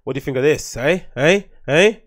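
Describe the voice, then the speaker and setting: A man talks through his solo podcast in a loose, rambling way, swearing freely and laughing at what he finds. His voice sits a little higher than most men's. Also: lively intonation, fairly quick. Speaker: podcast host.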